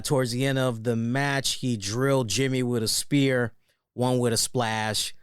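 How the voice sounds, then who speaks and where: A man riffing through a casual wrestling review, animated and joking, often checking in with his listeners. His voice sits in a middle register. The recording is dry and close, with no room sound. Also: mid-range voice, clean tone, dry recording. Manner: animated and joking, often tags lines with "right?". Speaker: wrestling show host.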